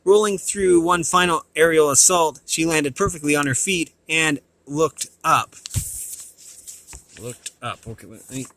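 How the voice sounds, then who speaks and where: A man reading a novel aloud, often stumbling and restarting words, with short asides to listeners, and a higher voice for quoted lines. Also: unhurried, bright, forceful tone, slight background noise. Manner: raises pitch for quoted dialogue. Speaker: reader.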